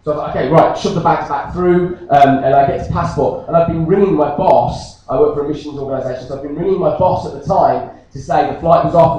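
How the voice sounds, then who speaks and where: A man's voice: on the high side, darkish tone, highs cut off. British man, pastor, jokey sermon storyteller; distant mic, big church echo. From Britain.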